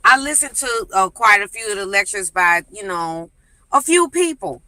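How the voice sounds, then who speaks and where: A woman's voice: medium pitch, animated, normal speed, pushed and bright, no room sound, rough recording. A woman calling in to a live stream, speaking indignantly with scolding rhetorical questions. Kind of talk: impassioned call-in commentary.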